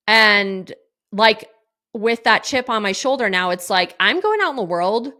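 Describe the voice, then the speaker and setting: A woman's voice: medium pitch, lively intonation, unhurried, sharp tone. A middle-aged woman hosting a podcast, talking candidly and emotionally, rambling with lots of fillers and restarts. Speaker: podcast host. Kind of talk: candid personal monologue.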